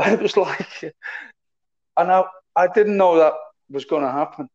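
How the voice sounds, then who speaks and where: A man's voice: high-pitched, unhurried, a little mellow. A man, a former footballer, telling anecdotes in a casual, chatty way, often repeating words and trailing off. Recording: slightly dull lo-fi audio.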